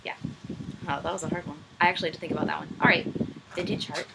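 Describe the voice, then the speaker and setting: A woman's voice: deep voice, fairly even intonation, rapid-fire, gravelly, background noise. Hesitant young woman vlogging. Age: young adult. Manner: rambling, self-deprecating, hesitant with many ums. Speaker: vlogger answering viewer questions. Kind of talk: casual chat. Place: room at home, backlit.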